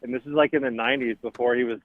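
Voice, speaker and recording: A man co-hosting a podcast in casual chat, teasing and needling his partner in a deadpan way. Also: mid-range voice, racing, phone-quality sound, slight background noise. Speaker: podcast co-host.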